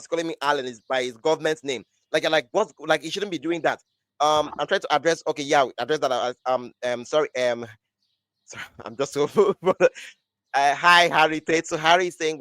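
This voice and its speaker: A man's voice: fairly high pitch, a bit bright, no room sound. A young man hosting a live wrestling podcast, rambling in casual chat and leaning on "like" as he restarts his thoughts. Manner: rambling, restarts often, says "like" a lot. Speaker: podcast host.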